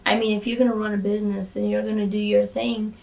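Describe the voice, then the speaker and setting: A woman speaks in a candid, casual interview, her voice gravelly with creak. She talks in halting bursts, restarting sentences and swearing freely. She sits a little back from the microphone. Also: medium pitch, little pitch movement, darkish tone, recorded from a distance. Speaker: former wrestling valet, interview guest.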